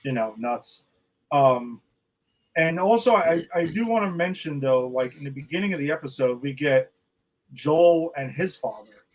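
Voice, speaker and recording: Excitable man chatting about TV. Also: fairly high pitch, unhurried, rough recording. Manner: loose and excitable, swears casually. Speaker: podcast co-host. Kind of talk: casual chat about a TV episode.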